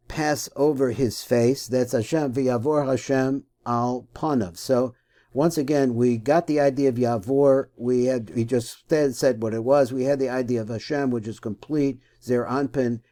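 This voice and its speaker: A man's voice: medium pitch, dark tone. A man teaching a text study lesson, reading phrases and then translating and puzzling over them aloud, with frequent restarts and self-corrections.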